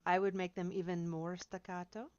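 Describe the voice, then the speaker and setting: A woman's voice: lowish voice, level tone, normal speed, a little mellow, clear, resonant tone, dull audio. A woman piano teacher giving chatty, encouraging feedback to students in a seminar, singing out rhythms as she explains.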